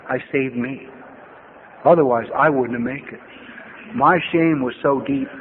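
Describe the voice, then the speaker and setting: High-voiced blunt older man on tinny tape. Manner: blunt, profane, wry storytelling with animated bursts. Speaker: recovery meeting speaker. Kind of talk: personal testimony talk with storytelling. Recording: phone-like lo-fi archival tape with faint hiss.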